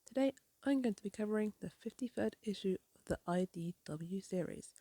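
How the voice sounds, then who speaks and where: A woman's voice: mid-range voice, lively intonation, fairly quick, warm tone, breathy edge, dry recording. A woman hosting a casual, rambling comic recap, apologetic at times. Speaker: comic reviewer. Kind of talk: casual chat.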